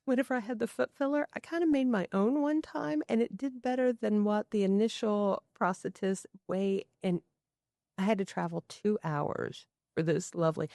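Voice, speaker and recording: A middle-aged woman telling stories as a podcast guest, bringing the people in them to life with quick put-on voices. Her voice sits in a middle range and is recorded close and dry, with no room sound. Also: mid-range voice, vocal fry, no room sound. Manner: animated storyteller, acting out quoted voices. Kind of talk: casual storytelling conversation.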